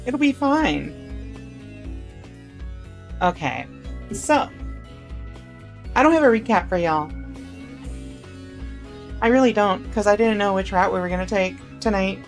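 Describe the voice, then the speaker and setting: A woman's voice: medium pitch, animated, slow, pauses often, faint music behind. Chatty woman streamer talking to her viewers. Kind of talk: casual live-stream chat.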